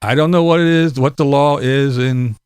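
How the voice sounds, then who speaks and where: A man's voice: mid-range voice, fairly even intonation, moderate pace, darkish tone, clean tone, no room sound. A middle-aged man from Pennsylvania giving a blunt, profane opinion monologue, laughing between his points. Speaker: vlogger.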